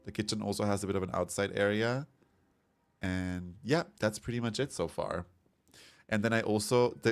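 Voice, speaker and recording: A man streaming a game, chatting casually and rambling as he reads chat comments aloud. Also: fairly low pitch. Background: soft background music.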